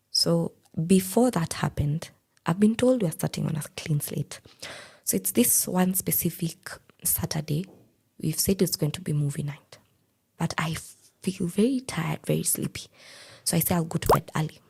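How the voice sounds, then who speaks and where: A young woman recounting her own story candidly on a podcast, in a hushed, half-whispered, deadpan way. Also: sits low, vocal fry, husky. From Kenya. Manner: plain, deadpan retelling of painful events.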